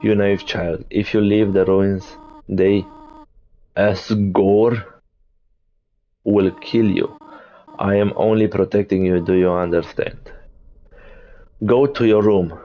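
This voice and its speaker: A man reading aloud the lines of a motherly monster woman in a game, gentle turning stern, in a plain reading voice. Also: on the low side, fairly even intonation, slow pace, long pauses, slight background noise, rough recording.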